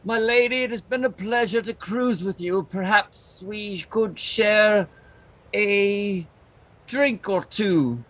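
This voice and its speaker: A man voicing a courtly, flattering rogue in a tabletop game. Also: sits high, slow, voice pushed up. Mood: smooth, charming. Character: smooth-talking charming male rogue.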